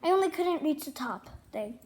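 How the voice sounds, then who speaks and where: A female vlogger chatting casually at home, rambling and cooing at her dogs in a high voice. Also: lively intonation, moderate pace. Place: home, indoors and out in the rain. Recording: noisy home video with rain noise.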